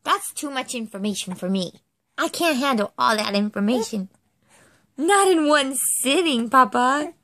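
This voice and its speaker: High sing-song cooing mother. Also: animated, a little slow, a bit bright, no room sound. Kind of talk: baby talk to an infant.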